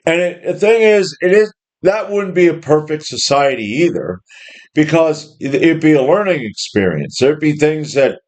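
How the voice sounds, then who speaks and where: A man in his fifties delivers a casual, combative monologue, swearing freely and repeating words as he restarts his thoughts. His voice sits a little higher than most men's. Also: lively intonation, normal speed, darkish tone. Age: 50s. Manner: blunt, profane and combative, with mocking put-on quotes. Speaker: home gym channel host.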